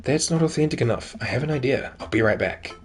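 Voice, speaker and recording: A man's voice: mid-range voice, lively intonation, quick pace, soft background music, close to an everyday voice. A man voicing a teasing teenage daughter in a game, reading her lines in a dry, matter-of-fact way. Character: teenage girl, the player's sharp daughter. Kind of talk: reading game dialogue aloud.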